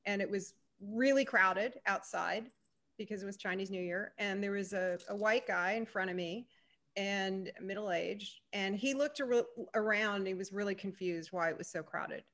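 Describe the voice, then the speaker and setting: A woman speaking as a panelist over a video call, telling a personal story in an animated way and acting out the dialogue, with some ums. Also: mid-range voice, measured pace.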